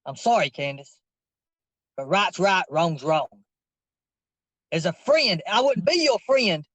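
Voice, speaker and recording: A man's voice: high-pitched, lively intonation, slow pace, a bit bright, dry recording, rough recording. A man in a heated confrontation, insistent and preachy, repeating his questions over and over.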